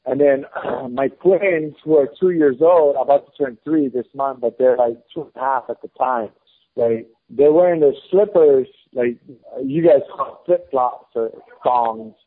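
A man's voice: mid-range voice, measured pace. A man in his thirties telling a story in a casual chat, blunt, heated and swearing often. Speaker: podcast guest. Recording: phone-like lo-fi podcast audio.

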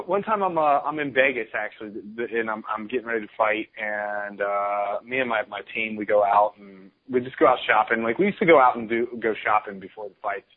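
A man's voice: fairly low pitch, fairly quick, few pauses. A man, a former fighter, telling rambling, laid-back anecdotes as a guest on a phone call. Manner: relaxed, rambling anecdotes with restarts. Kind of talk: casual storytelling on a phone call. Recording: tinny phone line.

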